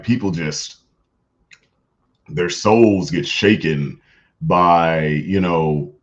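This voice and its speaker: A young man streaming a casual late-night chat, laid-back and slangy, who laughs often and reads out viewer comments in his natural deep voice. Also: highs cut off. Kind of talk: casual chat with live chat readers.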